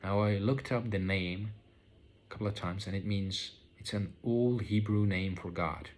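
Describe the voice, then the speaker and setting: A man with a low voice gives a casual spoken reflection on his own experiences. He talks in a slow, searching way, with many fillers and restarts. His tone stays calm and unhurried. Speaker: vlogger sharing spiritual experiences.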